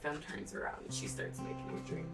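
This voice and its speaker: A young woman narrating as game master in a casual, rambling way, with many fillers. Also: fast. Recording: distant mic with background music.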